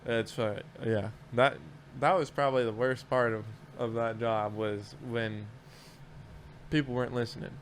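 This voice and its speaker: A man's voice: mid-range voice, steady tone, a little slow, a little hiss or hum. A man in casual podcast chat, telling work stories in a rambling, profane way with lots of restarts.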